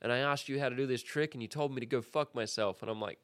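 Fast-talking, profane man telling stories. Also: medium pitch, dry recording. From Australia. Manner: fast, profane, animated storytelling. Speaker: podcast guest, skateboarder. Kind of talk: casual chat.

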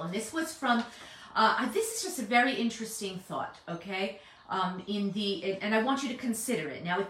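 A woman's voice: mid-range voice, a bit bright, recorded from a distance, a little hiss or hum. A woman giving a conversational Bible teaching, earnest and persuasive, often checking in with her listeners. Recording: echoey room.

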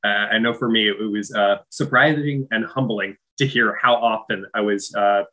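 Guy with a bright sharp voice, thinking out loud, lots of uhs. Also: fairly low pitch, normal speed, poor audio. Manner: thoughtful, hesitant, many uhs. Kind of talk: casual chat.

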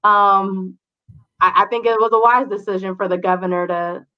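A woman giving measured, reasoned opinions on politics as a podcast co-host. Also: medium pitch, steady tone. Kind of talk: casual political commentary. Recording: dull lo-fi sound.

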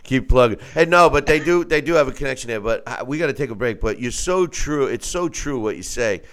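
Animated talk show host, lively pitch. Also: male voice, fairly quick. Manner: animated, acts out quoted voices in mock falsetto. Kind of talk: casual talk show banter.

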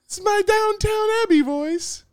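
A prim, fussy lady of the house in a shrill falsetto, as a man puts her on. She talks with genteel airs, and the recording is dry and close. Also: unhurried, no echo.

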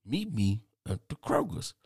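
A man voicing his friend, who speaks in a low, hushed, secretive voice as he hides from his fiancée. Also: sing-song, measured pace, creaky, slightly rough, no echo, studio quality, heavily acted.

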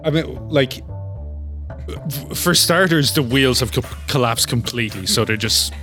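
A man playing a tabletop game, describing the scene haltingly with jokes. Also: medium pitch, sharp tone, soft background music. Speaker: player.

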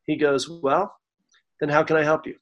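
Higher-pitched man telling his story. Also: moderate pace, highs cut off. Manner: animated, acts out quoted dialogue; gets emotional. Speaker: songwriter guest. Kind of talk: storytelling interview.

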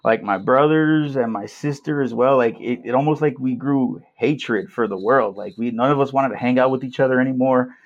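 A man from Milwaukee tells a story as a podcast guest in an easy, slangy way. His voice sits at a middle pitch. The recording sounds dull and a little lo-fi. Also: normal speed, few pauses. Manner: laid-back, says "bro" and "like" a lot. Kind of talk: casual storytelling.

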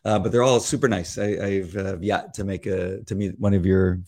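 A middle-aged man with a very deep, gravelly voice co-hosts a casual podcast. He asks gentle questions and often hesitates with fillers. The tone stays relaxed and conversational. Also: moderate pace. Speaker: podcast co-host.

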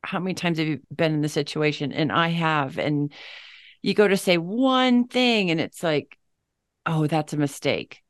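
A woman co-hosting a podcast, chatting casually and dropping quick wry one-liners. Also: low-pitched, no echo, studio quality. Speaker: podcast co-host. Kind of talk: casual chat.

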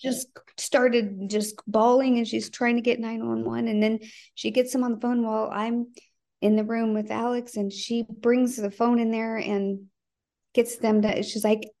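A middle-aged woman, a guest on a podcast, recounting events in an earnest, halting way, with frequent restarts and asides. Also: a little high, little pitch movement, mellow. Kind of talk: conversational interview storytelling.

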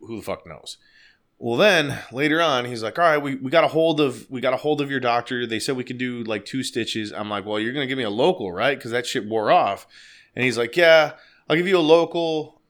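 A man telling a story in casual, profane chat, animated and laughing as he goes. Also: mid-range voice, brisk.

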